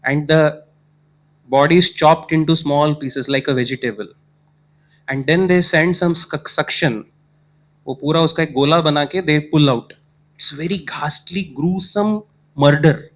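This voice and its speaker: A man's voice: fairly high pitch, moderate pace. A man preaching, telling a moral story and checking that his listeners follow.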